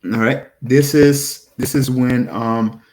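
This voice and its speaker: A man giving casual scripture commentary to his viewers, animated and rambling, talking straight to them. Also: medium pitch, slow pace. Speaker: religious video preacher.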